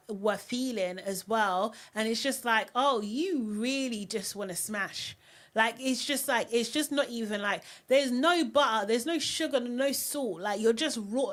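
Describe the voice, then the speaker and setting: A woman hosting a live reality TV recap, talking in an animated, outspoken way. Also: on the high side. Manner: animated and outspoken, often mocking voices. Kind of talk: live recap and review chat.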